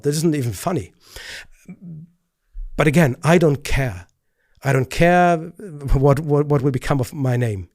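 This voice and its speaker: A man's voice: fairly high pitch, unhurried, a little mellow, no echo. A man speaks as a pastor hosting his own commentary video. He talks earnestly, often stammering and restarting, and his voice climbs when he grows indignant. The recording is dry and close, with no room sound. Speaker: pastor and host. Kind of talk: video commentary responding to clips.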